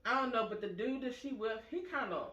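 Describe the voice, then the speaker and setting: A woman hosting a casual chat, telling stories with animated acted-out quotes. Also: a little high, fairly quick. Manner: animated storyteller, acts out quoted voices. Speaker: vlog host. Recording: echoey room, muffled sound.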